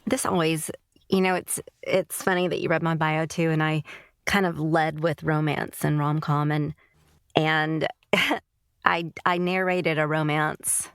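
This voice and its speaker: Deep, clear and resonant, this woman's voice is delivered flatly at a measured pace. She narrates audiobooks and is here as a podcast guest in a casual interview, chatting in a loose, rambling way peppered with "like" and "you know." The sound is clean studio audio with no room echo.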